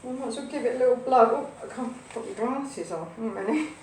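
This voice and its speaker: A woman's voice: a little high, quick pace, a little mellow. A woman hosting a live home cooking stream, rambling cheerfully and chatting to her pets and viewers. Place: home kitchen, indoors. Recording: echoey kitchen, from a distance, faint hum.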